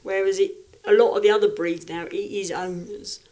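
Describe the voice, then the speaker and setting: A woman's voice: medium pitch, steady tone, moderate pace, warm tone. Frank woman, reflective. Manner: frank, reflective, many restarts. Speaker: guest, livestock exhibitor. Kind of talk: casual podcast conversation.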